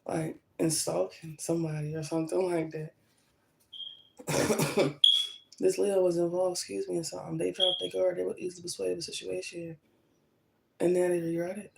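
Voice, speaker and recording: A woman's voice: fairly low pitch, flat delivery, moderate pace, gravelly, pauses often, rough recording. A woman tarot reader talking straight to her viewers, blunt and emphatic, often checking in with "okay?" and "like I said". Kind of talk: tarot reading to camera.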